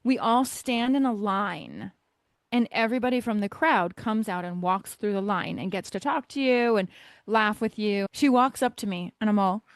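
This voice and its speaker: A middle-aged woman chats casually on a podcast. She tells stories in a lively way and laughs often. Her voice sits at an average pitch and sounds close and dry, with no room echo. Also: moderate pace. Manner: animated storyteller, laughs often. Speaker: podcast co-host. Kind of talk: casual chat.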